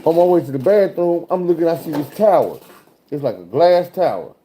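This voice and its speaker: Profane man with a very dark voice. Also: a little high, fairly quick, slight background noise. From Arkansas, USA. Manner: animated, profane, swears often. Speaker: truck driver telling a road story. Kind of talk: casual profane storytelling.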